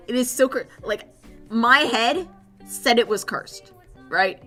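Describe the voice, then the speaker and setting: A woman's voice: fairly high pitch, slow pace, a bit bright, soft background music. A young woman streamer chatting casually and rambling while she draws, with a dry, sore throat. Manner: chatty, rambling, swears freely. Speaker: streamer and artist.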